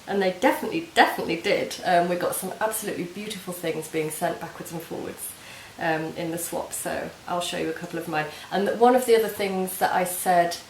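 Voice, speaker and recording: A woman's voice: lowish voice, a little fast, hardly any pauses, a little mellow. Chatty woman in a roomy room. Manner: chatty and gushing, many ums and restarts. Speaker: knitting podcast host. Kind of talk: casual video podcast chat. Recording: roomy home recording with faint hiss.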